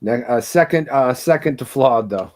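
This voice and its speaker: A man's voice: medium pitch, lively intonation, normal speed, darkish tone. A man appearing as a guest country rapper, telling stories in casual, profane podcast chat. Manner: loose, profane storytelling.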